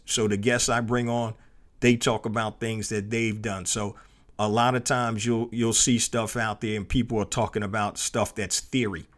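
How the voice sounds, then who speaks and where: A middle-aged man hosting a solo podcast, telling a personal story in a loose, conversational way with many fillers and restarts. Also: mid-range voice. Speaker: podcast host.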